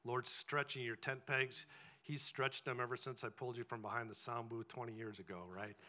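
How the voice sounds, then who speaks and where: A man preaching to his congregation in a relaxed, conversational way, often pausing to ask "right?" His voice sits at a middle pitch and has a bright, forceful edge. He talks as if speaking directly to the people in front of him. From farming background. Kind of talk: sermon.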